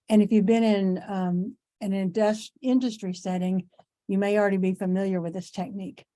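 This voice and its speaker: Hoarse middle-aged woman, instructor, mellow dark voice, conversational, repeats for emphasis. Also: mid-range voice, little pitch movement, moderate pace. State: losing her voice, clearing throat. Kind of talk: online class lecture.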